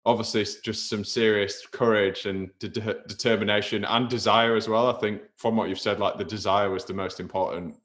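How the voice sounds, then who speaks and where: A podcast host with a fairly low voice who asks reflective questions at an easy conversational pace. He thinks out loud and sounds casual and engaged. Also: fairly even intonation, fairly quick, few pauses. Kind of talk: casual interview chat.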